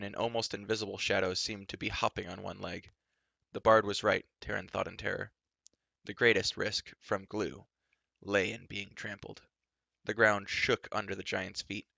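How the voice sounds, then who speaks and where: Male storybook reader, low gravelly voice, dramatic read. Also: little pitch movement, normal speed, sharp tone, no echo, highs cut off. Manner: dramatic narration. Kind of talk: live storybook reading.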